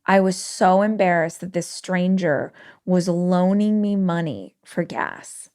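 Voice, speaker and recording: A woman's voice: on the low side, takes it slowly. Woman telling a personal story. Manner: emotional, animated retelling with quoted dialogue. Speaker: podcast host.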